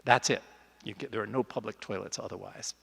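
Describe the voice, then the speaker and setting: A man's voice: on the low side, steady tone, a little fast, vocal fry, a bit bright, husky. Older man, earnest talk in a reverberant church. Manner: earnest, conversational, with frequent restarts and fillers. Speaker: doctor giving a talk. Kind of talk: reflective speech to a church audience. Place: large church. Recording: long hall reverb in a church.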